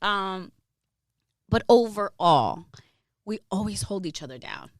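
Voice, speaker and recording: Woman radio host, mid-pitched, candid and lively storyteller with frequent laughs; dry, close recording. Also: slow pace, no room sound. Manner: animated, candid, laughs often, swears freely. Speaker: radio host, interview guest. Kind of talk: casual storytelling interview.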